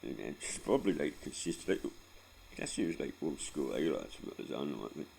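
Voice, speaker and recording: A man's voice: a bass voice, sing-song, a little fast, creaky, a little mellow, a little hiss or hum, poor audio. A Scottish man in his forties telling rambling, sweary stories about his life in a casual vlog, laughing often as he goes. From Scotland. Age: 40s. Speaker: vlogger. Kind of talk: casual storytelling.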